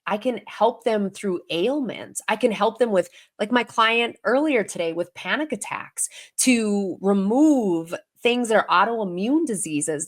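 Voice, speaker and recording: Woman guest on a podcast, animated storyteller, acts out voices as she talks. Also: medium pitch. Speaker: guest, intuitive healer and medium. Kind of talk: casual storytelling in a podcast interview.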